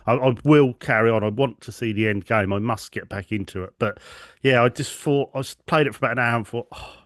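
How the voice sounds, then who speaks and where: A man, co-hosting a gaming podcast in casual chat, dry and easygoing with gentle teasing. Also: mid-range voice, brisk, no room sound. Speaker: podcast co-host.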